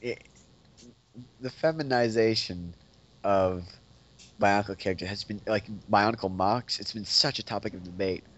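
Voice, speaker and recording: A man's voice: lowish voice, moderate pace, pauses often. A man co-hosting a casual podcast who talks hesitantly, restarting his sentences and saying "like" often. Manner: hesitant, restarts a lot and leans on "like". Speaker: podcast co-host. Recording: dull lo-fi audio.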